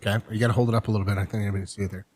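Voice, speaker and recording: A man hosting a casual podcast, telling stories in a rambling way and jumping into animated voices for the people he quotes. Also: fairly low pitch, rapid-fire, a little hiss or hum. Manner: drinks and chats over whiskey. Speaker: podcast host. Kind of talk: casual chat.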